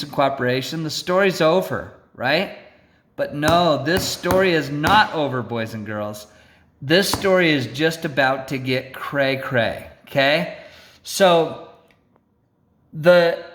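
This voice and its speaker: A man telling a road-rage story to an audience in an animated, theatrical way, often checking in with "right?" and "okay?". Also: a little high. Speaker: storyteller speaker.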